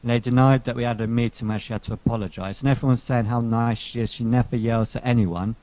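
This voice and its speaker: A man telling a long workplace story in casual chat, animated and sarcastic, swearing now and then. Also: medium pitch, fast talker, no room sound. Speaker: podcast co-host telling a story. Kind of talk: casual chat, venting anecdote. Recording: dull lo-fi sound.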